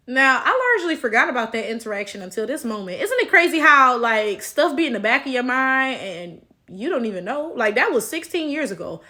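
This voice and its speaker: A Black American woman in her thirties giving casual, animated commentary straight to her viewers. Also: high voice, fairly quick, hardly any pauses. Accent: African American. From United States. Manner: animated, talks straight to viewers with y'all and right. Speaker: commentary vlogger.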